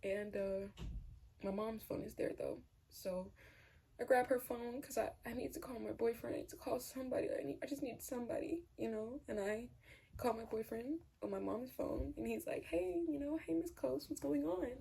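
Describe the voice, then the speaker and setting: A woman's voice: on the high side, normal speed, vocal fry, dark tone, slightly rough. A young woman candidly telling a personal story to camera, rambling and swearing freely. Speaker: vlogger.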